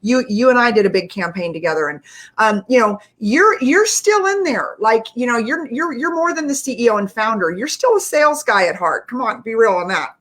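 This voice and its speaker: A woman's voice: fairly high pitch, animated, fairly quick, fairly bright tone. A woman hosting an interview, asking long, winding, enthusiastic questions full of fillers. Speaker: interview host. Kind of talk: casual interview.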